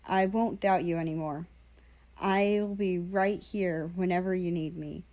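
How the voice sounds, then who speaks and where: A soft, steady young man's voice, as a woman reads him, gentle but firm. He talks slowly and reassures. The tone is low and mellow. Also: close to an everyday voice. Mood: reassuring. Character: tall gentle remorseful young man.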